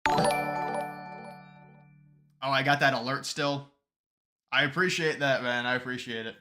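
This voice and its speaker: Bright-voiced man chatting on a live stream. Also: medium pitch, fairly even intonation, unhurried, soft background music. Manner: rambling, restarts sentences, reads chat aloud. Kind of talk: casual live-stream chat with viewers.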